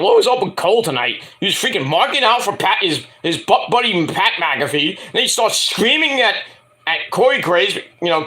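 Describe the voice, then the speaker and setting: A man casually ranting through a wrestling show review, animated and profane. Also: high-pitched. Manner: animated, profane, jumps into mocking impressions.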